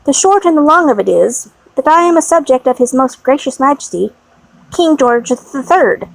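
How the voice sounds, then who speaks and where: Lady reading as a fussy loyal old maid, brisk and bossy, raspy edges, high-ish. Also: lively intonation, dry recording, low-quality recording. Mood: emphatic. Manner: brisk, emphatic, indignant. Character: fussy, fiercely loyal older English maid. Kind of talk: audiobook reading.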